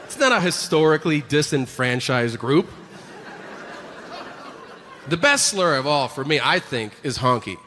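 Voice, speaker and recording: A man's voice: on the high side, lively intonation, a little slow, pauses often, sharp tone, big-room sound, a faint crowd, slight background noise. A man performing a stand-up comedy set with sarcastic, mock-boastful, profane punchlines.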